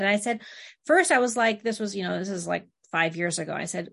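Middle-aged woman therapist guest, gravelly creaky voice, tells stories acting out the dialogue. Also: medium pitch, fast talker, a bit bright. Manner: anecdotal, quotes clients and family in dialogue. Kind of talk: conversational interview.

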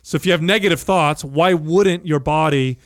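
A man's voice: a little high, moderate pace, dry recording, studio quality. A male host talking in casual conversation, reflective and blunt, with casual swearing. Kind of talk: casual chat.

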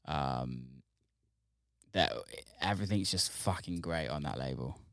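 Very deep-voiced man, smooth and dry. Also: no room sound. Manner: relaxed, swears casually, halting. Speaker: podcast host, DJ. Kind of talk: casual interview chat.

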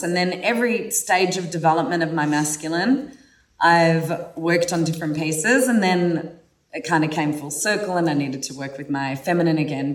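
A woman host telling personal stories in a candid, animated way, swearing freely. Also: on the low side. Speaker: podcast host. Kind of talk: casual personal storytelling. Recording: roomy sound from a distant mic.

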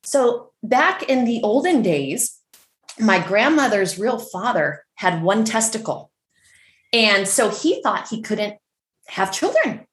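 A middle-aged woman from San Francisco, telling a story as a podcast guest in a chatty, animated way full of fillers. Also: a little high, takes it slowly, roomy sound. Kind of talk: casual storytelling.

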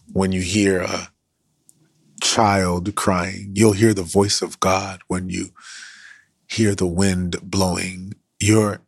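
Low gravelly preaching man. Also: no echo, studio quality. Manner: earnest preaching, drops to whispers for emphasis. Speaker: pastor. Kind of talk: sermon.

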